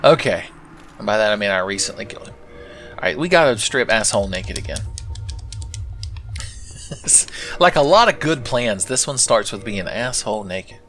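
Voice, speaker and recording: A man's voice: fairly low pitch, animated, moderate pace, long pauses, a bit bright, faint music behind. A man commentating his own gameplay with sarcastic, profane, rambling asides. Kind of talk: let's play commentary.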